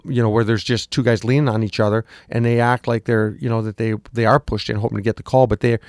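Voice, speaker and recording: Coach type, slightly hoarse, rambling answers, dry sound. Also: male voice, mid-range voice, no room sound. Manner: rambling, repeats words, frequent ums. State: slightly lost voice. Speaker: hockey coach. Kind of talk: casual radio interview answers.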